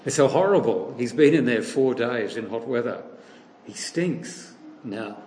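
A male preacher tells a story to his congregation, slipping into the voices of the people he quotes. His voice rings through an echoey hall with a faint hum of background ambience. His pitch sits in an ordinary middle range. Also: lively intonation, unhurried, a little mellow. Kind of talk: sermon.

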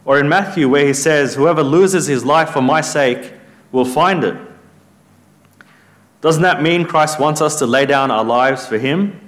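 A man's voice: on the high side, a little slow. A man preaching a sermon in an earnest, emphatic way, lifting his voice when he quotes scripture.

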